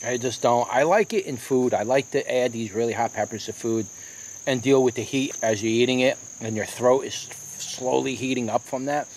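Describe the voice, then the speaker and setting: A man's voice: mid-range voice, moderate pace, slight background noise. A man casually reviewing hot peppers outdoors in his garden, talking through the burn as he eats them. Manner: chatty, exclaims and coughs from the heat. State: hiccuping, burning mouth.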